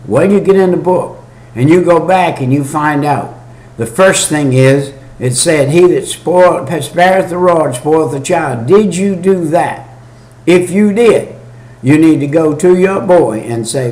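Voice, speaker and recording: A man's voice: fairly high pitch, a little mellow. Folksy man preaching in an echoey room. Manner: folksy, repetitive preaching with slow read-aloud scripture. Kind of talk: homemade video sermon.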